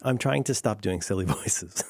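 A man's voice: on the low side, animated, moderate pace, husky, no room sound, studio quality. A man hosting a casual podcast chat, playful and rambling, laughing often. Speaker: podcast host.

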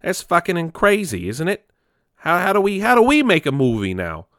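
A man's voice: high voice, huge pitch swings, moderate pace, a bit bright, dry recording, clean studio sound, pitched above the performer's own voice, full character voice. A man doing a bad Boston-accented movie star. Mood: indignant. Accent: Boston, put on poorly. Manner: cursing, stammering, incredulous. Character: crude swearing male movie star, indignant.

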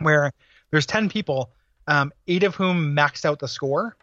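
A man's voice: fairly high pitch, measured pace, a bit bright, dry recording, dull audio. A man co-hosting a podcast, talking casually in a rambling way with many fillers and restarts. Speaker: podcast co-host. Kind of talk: casual chat.

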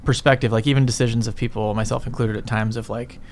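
This middle-aged business guest has a mid-range, darkish voice, a steady tone, and a quick pace. Interviewed casually, he rambles, swears often, and keeps adding "right?" to his points, with a little hiss or hum audible.

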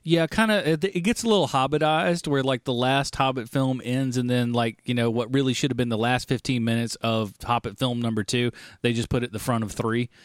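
A man's voice: mid-range voice, fairly even intonation, a little fast, hardly any pauses, no echo. Profane ranting man, dry sound. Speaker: podcast co-host. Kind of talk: casual movie review chat.

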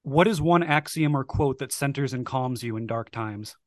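A man hosting a podcast, asking prepared interview questions in a measured way and reading a closing outro. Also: medium pitch, dry recording, clean studio sound. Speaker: podcast host.

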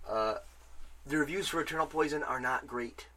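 Bright-voiced man ranting about games. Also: fairly high pitch, moderate pace. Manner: rambling, excitable, swears freely. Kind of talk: casual game chat.

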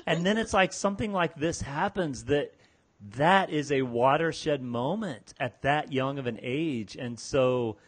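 A man's voice: on the high side, a little slow. A man hosting a podcast interview, supportive with short affirmations and reflective comments. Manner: reflective, speaks of working with young people. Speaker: podcast host. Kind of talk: casual interview chat.

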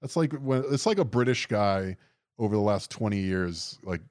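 A man's voice: fairly low pitch, animated, moderate pace, darkish tone, no echo, studio quality. A young man chatting casually on a podcast, rambling and sardonic, swearing often and leaning on fillers. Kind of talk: casual chat.

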